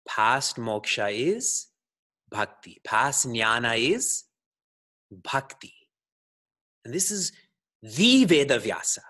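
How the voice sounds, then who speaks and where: Male spiritual teacher, slightly husky voice, playful discourse style with frequent laughs and questions to the audience. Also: medium pitch, a bit bright. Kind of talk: scripture discourse to a congregation.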